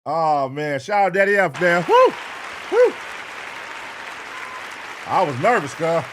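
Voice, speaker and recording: A man streaming live, reacting to clips and chatting loudly and profanely with his viewers. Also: fairly high pitch, normal speed, a crowd in the background, background noise. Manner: loud, excitable, profane, animated. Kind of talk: casual livestream chat.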